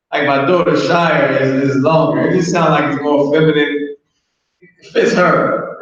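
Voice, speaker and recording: A man teaching a live language class in a casual, joking manner, drawing out words and laughing between points. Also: mid-range voice. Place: classroom with students. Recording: very echoey room from far off, dull.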